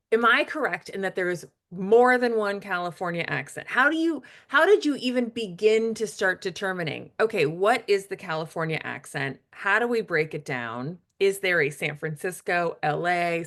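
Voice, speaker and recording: A woman's voice: lowish voice, animated, normal speed, fairly bright tone. A woman host asking an expert a string of curious questions, restarting and rephrasing as she goes. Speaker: interview host. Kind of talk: casual interview questions.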